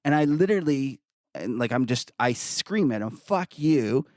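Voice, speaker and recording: A man's voice: mid-range voice, moderate pace, no echo, clean studio sound. A man hosting a podcast, chatting casually and telling stories with frequent laughter. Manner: storytelling, laughs often, animated when retelling. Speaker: podcast host.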